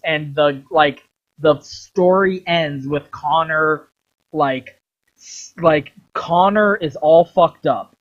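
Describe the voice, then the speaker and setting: A man retelling a game story in a long, animated ramble full of swearing, on a dull lo-fi recording. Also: fairly high pitch. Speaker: video creator.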